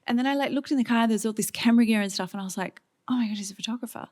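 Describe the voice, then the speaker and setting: A woman in her thirties with an Australian accent, a guest on stage telling a story in lively, chatty fashion with many fillers and acted-out quotes. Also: fairly high pitch, very fast, few pauses. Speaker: guest author. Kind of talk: on-stage conversation. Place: stage event before an audience.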